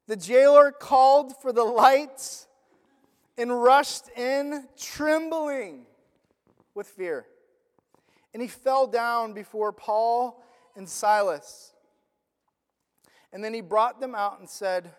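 High-voiced preacher in an echoing hall. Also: male voice, takes it slowly, long pauses. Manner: animated conversational storytelling with "like" fillers. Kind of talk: sermon.

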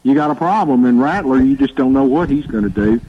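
Husky man on a muffled phone line. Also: mid-range voice, animated, brisk. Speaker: caller. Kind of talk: call-in sports talk.

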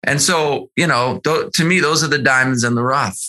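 A man who is a sales executive guest, telling stories in a podcast interview in an earnest, animated way with many restarts. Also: medium pitch, moderate pace, slight background noise.

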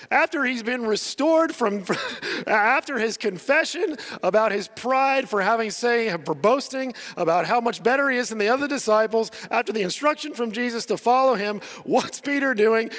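A man's voice: very high-pitched, a bit bright, big-room sound. A male pastor preaching a sermon in a conversational way, laughing often and acting out the quotes he tells.

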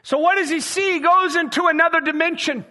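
Preacher guy w a really high voice, fervent n emphatic, shouts at times. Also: a little fast. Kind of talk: sermon.

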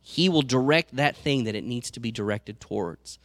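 A man's voice: medium pitch, normal speed, no echo, studio quality. A man preaching a sermon as a pastor, earnest and repeating words as he goes.

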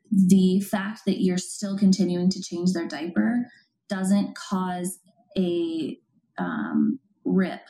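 A woman's voice: on the low side, mellow, poor audio. A woman hosting a parenting podcast, explaining ideas earnestly in casual conversation with plenty of fillers. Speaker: parent coach, podcast host.

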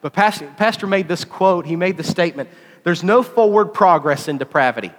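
A man giving a sermon in a lively, conversational way, often repeating phrases for emphasis. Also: high voice, a little fast, big-room sound. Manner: animated, conversational preaching with repetitions.

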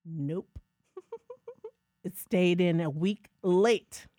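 A woman co-hosting a podcast, telling a lively personal story in a casual, self-mocking way. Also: fairly low pitch, extremely slow, no room sound, studio quality. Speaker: podcast co-host.

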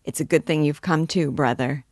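A hearty young male student who takes charge and jokes as he talks, read by a woman. The voice sits low and the sound is dry and close. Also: moderate pace, a little mellow, husky, no room sound. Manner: hearty, bossy, joking.

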